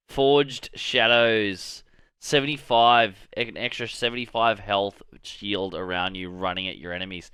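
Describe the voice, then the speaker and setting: A man hosts a gaming channel in a slightly low, bright voice. He rambles with excitement over new game details. The sound is crisp and dry. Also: dry recording. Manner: excitable, rambling, swears casually. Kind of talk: casual commentary on a game reveal.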